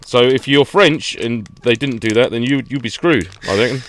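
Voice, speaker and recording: A man chatting on a podcast, venting in a good-humoured way and laughing through it. His voice sits at an everyday middle pitch. He keeps the tone loose and playful. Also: moderate pace, hardly any pauses, a little hiss or hum. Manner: jokey ranting, frequent laughter. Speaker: podcast co-host. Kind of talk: casual chat.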